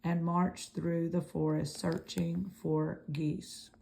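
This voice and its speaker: Slow, gravelly woman reading aloud. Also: on the low side, level tone, mellow, poor audio. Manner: unhurried, with occasional slips and self-corrections. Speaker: reader. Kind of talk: reading a children's novel aloud.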